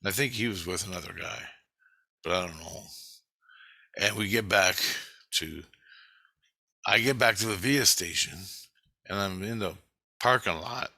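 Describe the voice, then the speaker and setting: A man's voice: fairly low pitch, unhurried, pauses often, sharp tone, no room sound, studio quality. A middle-aged man telling a long, rambling story in a casual, profane way. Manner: rambling, profane, retelling a dream. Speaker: vlogger.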